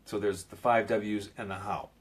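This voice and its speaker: A man's voice: on the low side, level tone, moderate pace. A man talking through self-help advice in a loose, rambling way, with lots of fillers and restarts, pressing hard on key points. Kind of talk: casual advice video.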